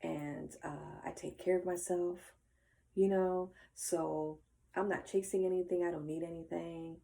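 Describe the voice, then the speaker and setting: An older woman talking earnestly and emotionally to her viewers in a personal reflective monologue, with many fillers and soft trailing asides. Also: lowish voice, fairly even intonation, measured pace, creaky. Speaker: vlogger.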